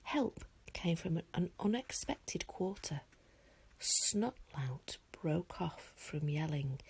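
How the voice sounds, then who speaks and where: A woman teacher reading a children's storybook aloud in a hushed, half-whispered way. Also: on the low side, slow pace, vocal fry, husky. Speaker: primary school teacher.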